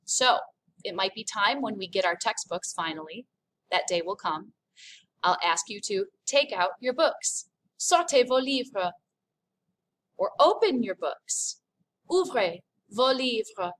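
A woman French teacher recording a remote lesson, upbeat and clear, stressing each French phrase carefully for students to repeat. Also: mid-range voice, moderate pace, fairly bright tone, slight background noise. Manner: upbeat, over-enunciated French demonstrations.

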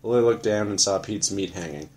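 A man narrating an audiobook in a flat, matter-of-fact first-person telling. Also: on the low side, a little fast, a little hiss or hum.

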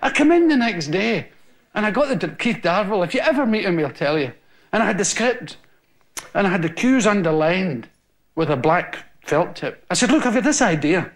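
A man's voice: high voice, sing-song, normal speed. A Scottish man in his forties, a stand-up comedian telling stories to a live audience and laughing as he acts out the scenes. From Scotland. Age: 40s. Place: TV studio with an audience. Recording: noisy old TV recording.

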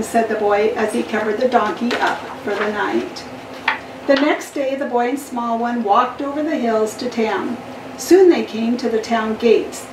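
A woman reading a children's story aloud for a church storytime, gentle and expressive. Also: a little high, moderate pace, roomy sound, far from the mic, background noise. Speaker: storytime reader.

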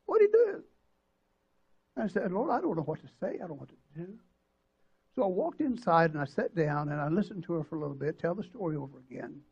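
Older pastor, husky voice. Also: male voice, fairly high pitch, animated, highs cut off. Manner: emotional, halting storytelling with many restarts and acted quotes. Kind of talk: sermon storytelling. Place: church sanctuary.

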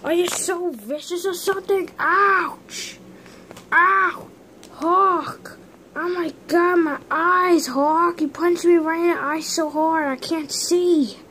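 A woman voicing a panicked, injured hero who yells frantically for help while role-playing game characters. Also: fairly even intonation, slow pace, a little hiss or hum, heavily acted. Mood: frantic, pained. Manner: shrill, frantic yelling.

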